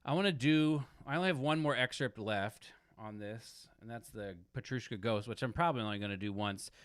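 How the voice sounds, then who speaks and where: A man talks to himself between practice runs in a practice room, musing and self-critical, trailing off and restarting his thoughts. His voice sits in a middle register and sounds smooth and clear. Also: mid-range voice, fairly quick. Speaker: musician practicing audition excerpts. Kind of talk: thinking aloud during practice.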